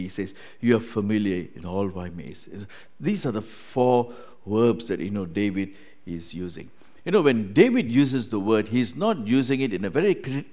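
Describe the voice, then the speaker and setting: A male pastor delivers a sermon in a mid-range voice that moves freely. He rises to ringing, high emphasis and then sinks to near-whispers, with "you know" and "right?" all through his talk. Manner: swings from booming emphasis to hushed near-whispers.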